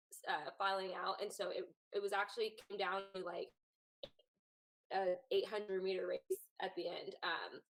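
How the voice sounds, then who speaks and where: A woman's voice: mid-range voice, a bit bright, low-quality recording. A woman co-host with a mid-range voice talks through results in casual chat. Her delivery is rambling and conversational, with a loose, easy pace.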